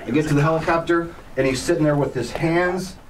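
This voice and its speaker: A man's voice: a little high, fairly quick. A man who teaches helicopter flying, telling stories in a plainspoken, blunt way with firm opinions. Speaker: helicopter flight instructor. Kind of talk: casual storytelling to an online group. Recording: slightly distant mic with faint background noise.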